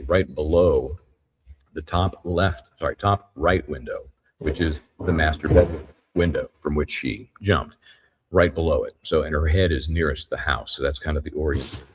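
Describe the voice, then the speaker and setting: A man with an extremely deep, husky voice delivers a live courtroom recap. He reports as a trial reporter, pausing often and working through the details step by step. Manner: halting, methodical retelling.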